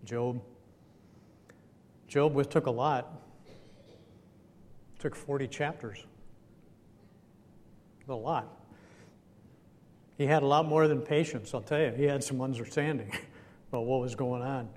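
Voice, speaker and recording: A man's voice: takes it slowly, long pauses, darkish tone. A man giving a conversational sermon, chatty and chuckling, often asking his listeners questions. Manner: chatty, asks the audience questions, chuckles now and then. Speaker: preacher. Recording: echoey hall with faint rumble.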